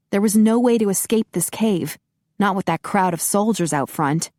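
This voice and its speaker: A woman narrates a paranormal romance audiobook in a steady, even storytelling manner from a script. Her mid-range voice moves at normal speed, recorded in a clean studio with no room sound.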